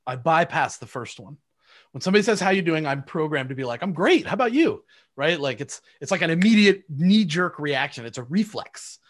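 A man's voice: on the high side, expressive, brisk, fairly bright tone. A man in casual conversation who acts out quoted exchanges as he talks.

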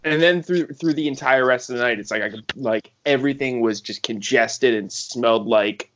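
A man's voice: mid-range voice, normal speed. A man telling casual, loose anecdotes to friends on a call, swearing freely. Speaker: podcast co-host. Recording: muffled lo-fi call audio.

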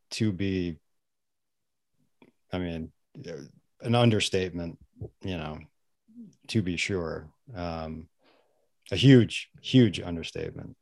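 Slow, hesitant low-voiced man. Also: darkish tone, no room sound, clean studio sound. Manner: hesitant, halting, many fillers and sighs. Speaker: podcast guest. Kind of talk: casual conversational interview.

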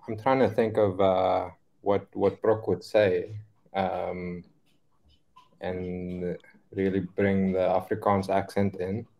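A man from South Africa on a podcast, talking in casual chat, halting and hesitant with many fillers. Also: on the low side, vocal fry, warm tone, low-quality recording. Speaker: podcast co-host.

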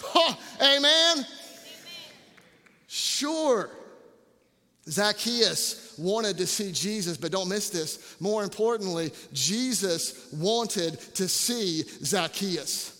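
A male campus pastor preaching a sermon in an animated, joking way, repeating words for emphasis. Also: high voice, drawn-out words, in a large hall.

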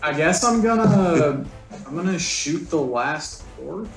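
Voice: medium pitch, lively intonation, takes it slowly, faint music behind. Playful tabletop player in an echoey room. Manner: joking, playful. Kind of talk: casual tabletop game play.

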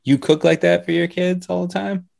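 A man's voice: high-pitched, level tone, moderate pace, creaky, darkish tone. A man hosting a casual interview on a video call, reacting briefly and asking easy questions. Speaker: podcast host.

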